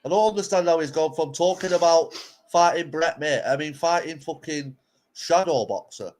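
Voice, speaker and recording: A man's voice: on the high side, normal speed, a little mellow. Male streamer, casual reaction host, blunt and sweary. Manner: blunt, swearing, banter-heavy.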